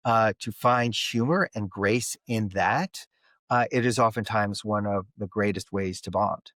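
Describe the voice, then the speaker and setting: Nasal Philadelphia-accented man telling stories. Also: dry recording. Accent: Philadelphia and South Jersey. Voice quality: slightly high, nasal. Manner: animated storyteller who acts out the other people in his stories. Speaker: guest, conflict mediator. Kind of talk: storytelling interview talk.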